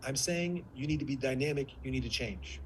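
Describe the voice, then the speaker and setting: A man's voice: medium pitch, fairly quick, slight background noise, poor audio. A man teaching a live online workshop as a speaking coach, who shifts between vocal tones to show them and sometimes drops to a near whisper.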